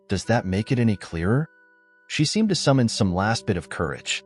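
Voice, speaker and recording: Faint music plays beneath a male narrator telling a first-person tale at a moderate pace in a low, husky voice that moves lively in pitch. He renders the husband's words bluntly, with angry sarcasm.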